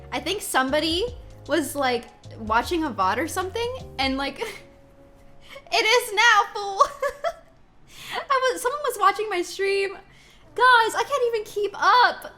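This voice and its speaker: A woman's voice: very high voice, very animated, a little slow, pushed and bright, faint music behind. A woman streamer chatting with her viewers, giggly and effusive, exclaiming often. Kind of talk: live-stream chat with viewers.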